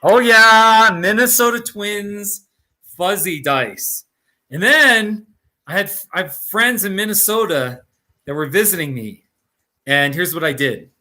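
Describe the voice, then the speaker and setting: Guy hosting a live stream, kinda high bright voice, jokey and rambly, laughs a lot. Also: expressive, takes it slowly. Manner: rambling and jokey, laughs often, restarts sentences. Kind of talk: casual live stream chat.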